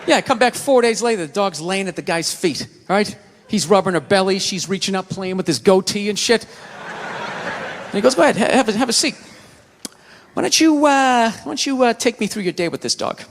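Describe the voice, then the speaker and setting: High-pitched ranting stand-up comedian, man. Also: fairly quick, a crowd in the background. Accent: Boston. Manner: loud ranting storytelling. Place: comedy stage in a large venue. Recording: live stage recording with hall reverb.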